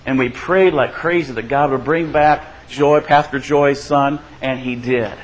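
A male pastor with a steady tone preaches a little slowly, keeping things conversational and checking in with listeners by asking "right?" He performs quoted voices with changes in pitch and loudness, on a rough recording.

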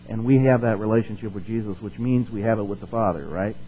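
A man teaching a Bible passage in a relaxed, conversational way. He asks the listeners questions, checks in with them often, and slows down and speaks louder when he reads the verses. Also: lowish voice, dull audio, soft background music. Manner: slows down and rises in force to stress the scripture he reads. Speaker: preacher.

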